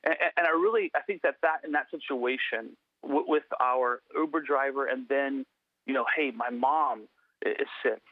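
A man's voice: medium pitch, normal speed, no echo. Man telling a story down a tinny phone line. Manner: earnest, many restarts and fillers. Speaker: guest. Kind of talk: storytelling interview.

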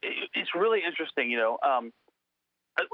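A man's voice: a little high, lively intonation, brisk, dry recording. Man telling a story down a tinny phone line. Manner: earnest, many restarts and fillers. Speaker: guest. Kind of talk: storytelling interview.

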